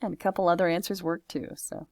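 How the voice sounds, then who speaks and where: Lower-pitched woman teaching French. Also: fairly even intonation, fast talker, darkish tone, dry recording. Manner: talks through each step aloud, patient and chatty. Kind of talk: screen-recorded homework walkthrough.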